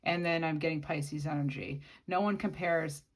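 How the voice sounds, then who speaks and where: Woman tarot reader, low voice, casual musing delivery. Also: moderate pace. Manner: musing, speaks to the viewer directly. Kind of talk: casual channeled tarot reading.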